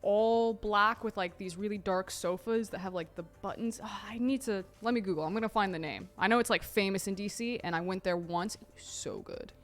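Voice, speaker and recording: A woman co-hosting a live show in an easygoing chatty way. Her voice sits at a middling pitch, and she tells travel anecdotes between bits of banter with her co-host. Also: expressive, fairly quick, few pauses, faint music behind. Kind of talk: casual chat.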